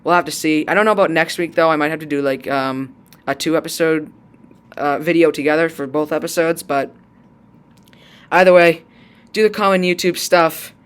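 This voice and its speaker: A young man casually recapping a cartoon episode in an excitable, rambling way with lots of fillers, his voice strained from a long recording. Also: a little high, normal speed, smooth. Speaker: YouTuber discussing a cartoon series.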